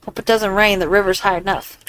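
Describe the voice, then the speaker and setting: A woman reading the lines of a practical pioneer woman in a video game, in a brisk tone. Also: mid-range voice, steady tone, a bit bright, a little hiss or hum, lightly acted, rough recording. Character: practical pioneer woman planning a river crossing.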